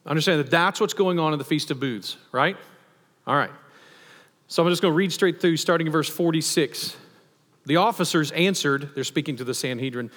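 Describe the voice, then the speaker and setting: A man preaching a sermon as pastor, animated and asking the congregation questions. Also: fairly high pitch, brisk. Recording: long hall reverb.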